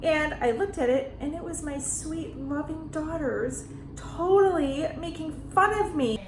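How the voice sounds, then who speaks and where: A woman from the Detroit area giving casual advice as a landlord vlogger, chatty and animated, acting out phone calls in quoted voices. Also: high voice, measured pace, background noise. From Detroit area, United States. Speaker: landlord and real estate investor vlogger. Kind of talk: casual talking-head advice vlog. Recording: echoey room.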